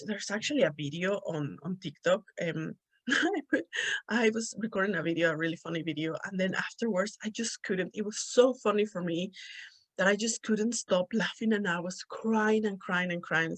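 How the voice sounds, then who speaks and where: A woman's voice: medium pitch, poor audio. Giggly Spanish-accented woman. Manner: chatty, laughs often while telling stories. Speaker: podcast host. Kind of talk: casual solo podcast chat.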